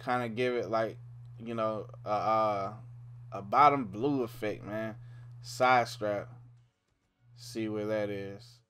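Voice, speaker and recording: A man's voice: fairly low pitch, fairly even intonation, slow, long pauses, a bit bright, clear, resonant tone. A young man giving a laid-back, casual walkthrough of a video game, thinking aloud with frequent "man" and "um". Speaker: gaming YouTuber. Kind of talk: casual game tutorial commentary.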